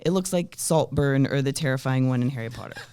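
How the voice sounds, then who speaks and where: A man reading stage directions aloud at a comedy table read, in a deadpan manner that often cracks into laughter. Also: mid-range voice, fairly quick, clear, resonant tone. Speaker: script reader.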